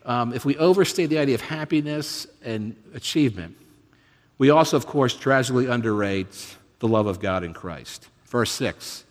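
In a reverberant hall, a man in his fifties gives a sermon as a guest preacher, speaking at normal speed with a medium pitch. He tells stories conversationally and makes himself the butt of his jokes.

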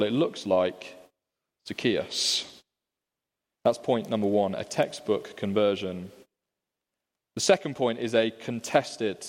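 Preacher man in a reverberant church. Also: mid-range voice. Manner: conversational, asks rhetorical questions. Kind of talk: expository sermon.

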